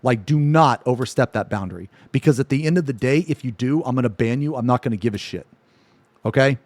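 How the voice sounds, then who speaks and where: A man's voice: medium pitch, quick pace, a little mellow, no echo. A man streaming live who rants at his chat, swearing constantly, frustrated and annoyed, repeating "man" at the ends of lines. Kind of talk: angry rant to live chat.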